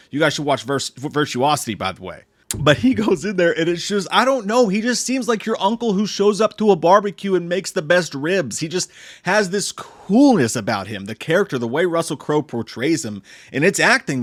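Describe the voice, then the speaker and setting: A man hosting a casual movie review channel, talking in an excitable, joking way with plenty of swearing and fillers. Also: fairly high pitch, dry recording, studio quality. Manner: excitable, jokey, swears freely, lots of fillers.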